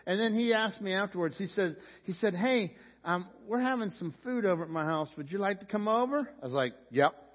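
A man's voice: sits high, animated, fairly quick, hardly any pauses. A male pastor preaching a sermon in a church, talking in a loose conversational way and restarting his sentences often. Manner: conversational, repeats words when starting sentences. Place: church sanctuary. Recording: dull sound, long reverb of a church hall.

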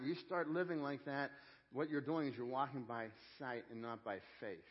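A man's voice: medium pitch, normal speed, lo-fi sound. A man preaching a sermon in an earnest, conversational way, often repeating and restarting phrases. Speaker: pastor.

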